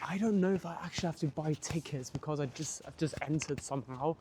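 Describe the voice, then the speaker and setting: A man's voice: fairly high pitch, fast talker, darkish tone, slight background noise. A young man vlogging outdoors as he walks, rambling casually with many restarts and fillers. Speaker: travel vlogger. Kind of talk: walking vlog commentary. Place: outdoors at a large war memorial park.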